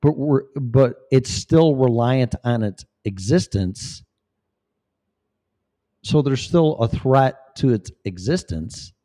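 A man's voice: mid-range voice, lively intonation, slow pace, dark tone. A man talking in a rambling, profane, preachy monologue as a vlogger. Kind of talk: casual monologue.

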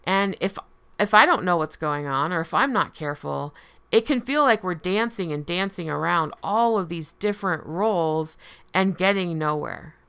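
Bright-voiced woman explaining casually. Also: on the low side, animated, moderate pace, gravelly, clean tone. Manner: conversational explaining, frequent "right?" and "um". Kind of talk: casual spoken lesson.

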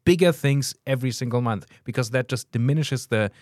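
A man's voice: medium pitch, a little mellow, no room sound. Earnest man, dry close sound. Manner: earnest, halting restarts. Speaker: podcast co-host. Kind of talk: casual debate chat.

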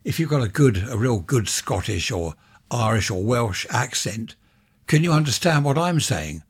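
A man's voice: mid-range voice, very animated, moderate pace, breathy edge. An older man from England chatting on his own show in a rambling, casual monologue, with chuckling asides. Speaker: podcast host.

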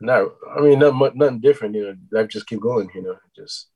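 A man's voice: mid-range voice, quick pace, warm tone, husky, no echo, poor audio. A man co-hosting a podcast, talking casually and hesitantly, stopping to search for words. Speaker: podcast co-host.

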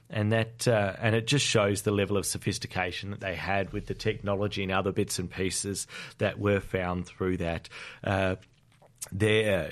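An Australian man hosting a community radio science show, chatting casually with many fillers. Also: low voice.

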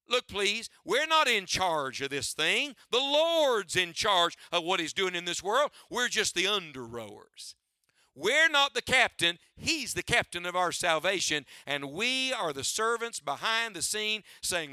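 A man's voice: high-pitched, big pitch swings, measured pace, bright, forceful tone, clean tone, dry recording, studio quality. A man preaching a sermon to his church, using a preacher's cadence and rhetorical questions, often asking listeners to write down his points. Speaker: pastor.

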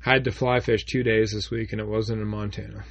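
A man's voice: fairly low pitch, flat delivery, a little fast, creaky. A man from Michigan co-hosting a podcast, talking in a blunt, joking, profane way. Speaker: podcast co-host. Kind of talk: casual chat. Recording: dull lo-fi sound.

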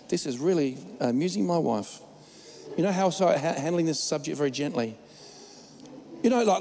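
A man's voice: fairly high pitch, dark tone, long reverb tail, slight background noise. A man preaching a sermon as pastor, emphatic and joking, often restarting his words.

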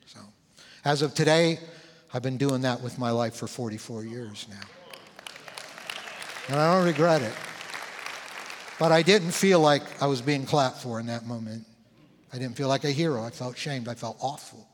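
A man in his sixties, a pastor, telling a personal story in a sermon, conversational and animated, acting out what people said. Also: medium pitch, unhurried, pauses often, a faint crowd. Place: church sanctuary. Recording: long church hall reverb.

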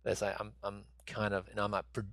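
A man's voice: on the low side, monotone, fairly quick, creaky, fairly bright tone, dry recording. A man in his thirties co-hosting a podcast, rambling and swearing in casual chat with lots of fillers. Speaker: podcast co-host.

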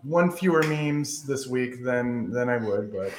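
A man speaks as a podcast guest with a laid-back, self-mocking ease and laughs readily. His voice sits at an ordinary middle pitch. It carries a noticeable roomy echo. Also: expressive, unhurried, noisy background. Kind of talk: casual podcast interview.

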